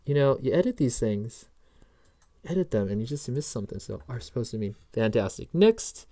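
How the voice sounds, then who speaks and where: A man's voice: mid-range voice, very animated, normal speed, mellow. A man hosting a casual coding tutorial, rambling through notes with jokey asides and frequent self-interruptions. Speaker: programming tutorial host. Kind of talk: casual screen-recorded coding lesson.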